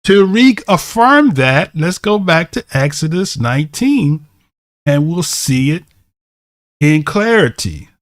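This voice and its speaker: A man's voice: on the high side, sing-song, slow pace, no room sound, studio quality. A man teaching a bible lesson, reading verses aloud and explaining them, often asking "right?" to check in with listeners.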